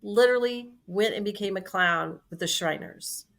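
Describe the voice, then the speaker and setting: Bright-voiced woman in her 60s telling stories. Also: mid-range voice, moderate pace. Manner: lively anecdotal storyteller, acts out quoted dialogue. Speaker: company CEO. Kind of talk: storytelling in conversation.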